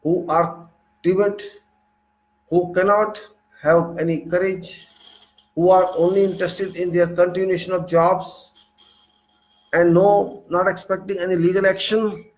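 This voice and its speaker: In an indignant political monologue full of rhetorical questions and repetition, a male commentator with an Indian English accent speaks in a high, steady voice. He is unhurried and pauses often, and the recording is low quality.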